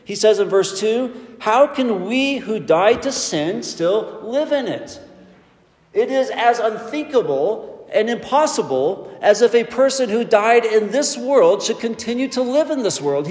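A man delivers a sermon in a measured, emphatic way, drawing out the key words. His voice sits high for a man, and it rings through a large hall with a long, roomy reverb. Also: lively intonation, darkish tone. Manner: emphatic, measured preaching with slow stressed phrases. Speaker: preacher.

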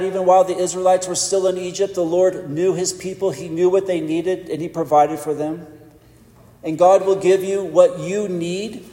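A man preaching a sermon in a measured, emphatic way with pauses for weight. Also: a little high, warm tone. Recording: echoey church hall.

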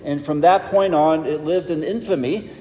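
A man preaching a sermon in a measured, emphatic way with pauses for weight. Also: fairly high pitch, dark tone. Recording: echoey church hall.

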